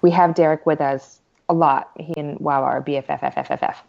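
A woman's voice: low-pitched, lively intonation, fairly quick, creaky. A woman co-hosting a podcast in casual, chatty conversation. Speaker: podcast co-host. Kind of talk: casual chat. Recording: dull lo-fi sound.

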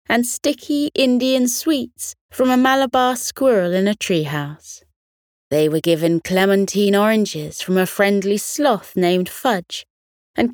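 A woman narrating a children's bedtime story in a gentle, soothing, expressive way. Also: medium pitch, dry recording, studio quality.

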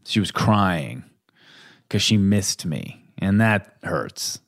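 A podcast co-host who talks in an animated, easygoing way and laughs often. His pitch swings widely through each sentence, full of expression. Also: slow pace, creaky. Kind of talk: casual chat.

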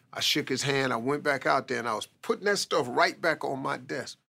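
A comedian recounts his life in lively, conversational storytelling. His voice is gravelly and forceful, with a sharp, bright edge that cuts through. He slips easily into casual, colloquial phrasing. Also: mid-range voice, fairly quick, few pauses. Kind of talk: motivational personal storytelling.

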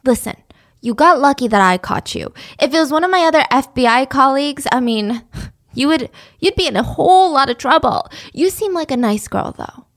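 A woman's voice: sits high, expressive, normal speed. A woman voicing a middle-aged man posing as an FBI agent, coaxing and persuasive.

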